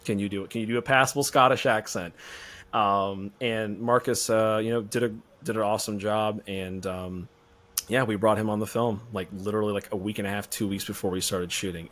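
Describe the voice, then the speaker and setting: A man being interviewed as a filmmaker guest on a podcast, talking in a relaxed, rambling way. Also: on the low side.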